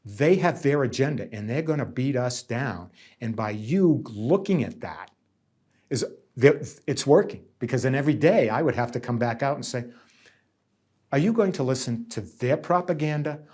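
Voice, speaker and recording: This middle-aged central Massachusetts man works as a nursing union negotiator and is being interviewed. His animated, mid-pitched voice moves at normal speed and sounds a little mellow and slightly rough. Telling reflective stories, he speaks with emphasis, repeats himself, and voices other people's words.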